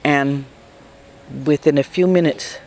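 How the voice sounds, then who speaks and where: A woman's voice: sits low, steady tone, slow pace, a little mellow. An older woman from Guam recounting a personal memory for an oral history, emotional and reflective, often repeating words for emphasis. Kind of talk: personal storytelling.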